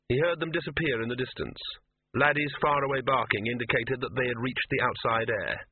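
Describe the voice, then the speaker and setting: A male narrator reads a story in a measured, steady way, his mid-pitched voice husky and a little rough. The sound is tinny and phone-like, with a dry, close feel. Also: dry recording. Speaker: audiobook narrator. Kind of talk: scripted narration.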